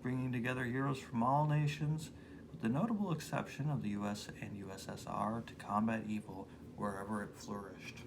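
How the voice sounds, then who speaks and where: Brief: male co-host, mid pitch, faint hiss behind, casual caption reading. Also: fairly even intonation, a little fast. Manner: reads captions aloud, offhand comments. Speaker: podcast co-host. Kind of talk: casual chat about comics.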